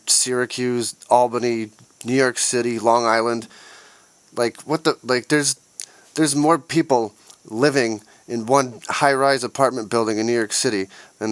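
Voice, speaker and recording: A man's voice: medium pitch, a bit bright, no echo. A man hosting his own podcast, ranting angrily with heavy profanity and sarcasm. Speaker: podcast host. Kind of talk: solo podcast rant.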